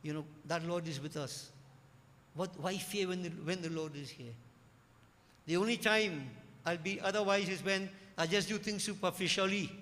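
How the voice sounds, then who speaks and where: A man preaching a sermon to devotees, emphatic and repeating key phrases, swelling louder on his main points. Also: on the high side, normal speed, long pauses. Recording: echoey hall with faint ambience.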